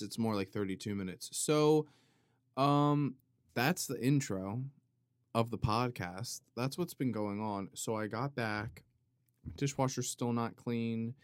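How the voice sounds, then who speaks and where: A man hosting a podcast, talking in a rambling, tangent-hopping casual monologue with plenty of swearing and animated emphasis. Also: lowish voice, clean tone, no room sound, studio quality. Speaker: podcast host.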